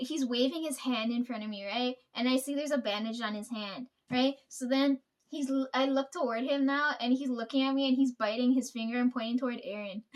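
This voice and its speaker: High-voiced woman telling a rambling story. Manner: rambling, profane, laughs often. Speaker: vlogger. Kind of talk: casual storytelling.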